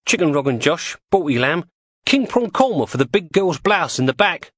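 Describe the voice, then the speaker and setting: A man's voice: a little high, sing-song, moderate pace, a bit bright, no room sound, studio quality, pitched above the performer's own voice. A man voicing a bossy, volatile woman crook with an Estuary English accent, breezy and mocking.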